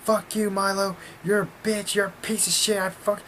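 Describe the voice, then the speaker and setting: A man doing a mocking, high-pitched impression of a furious young woman protester yelling insults over and over. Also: little pitch movement, moderate pace, slight background noise. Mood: mocking rage.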